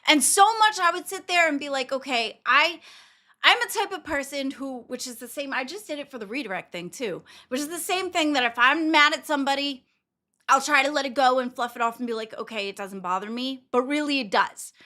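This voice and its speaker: Young woman stream host, high and bright voice, blunt casual talker. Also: animated, fast. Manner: blunt, swears freely, laughs often. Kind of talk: casual livestream chat.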